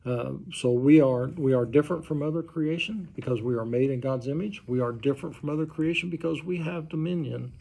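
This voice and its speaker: A pastor leading an informal Bible study, talking conversationally and quizzing the group with questions. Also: male voice, on the high side, a little fast, vocal fry, few pauses, warm tone. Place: church study group room.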